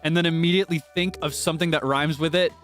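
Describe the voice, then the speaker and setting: A man's voice: on the high side, fairly even intonation, fast talker, fairly bright tone, faint music behind. Chatty male game streamer. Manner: chatty, talks straight to viewers. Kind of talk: casual gameplay stream chat.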